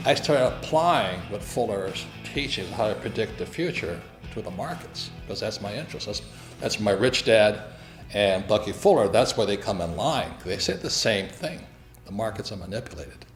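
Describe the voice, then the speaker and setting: A man's voice: lowish voice, lively intonation, moderate pace. Older male storyteller, plainspoken and casual, music bed behind. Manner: plainspoken, conversational, peppered with "you know". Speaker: author and speaker. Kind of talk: talk with documentary narration.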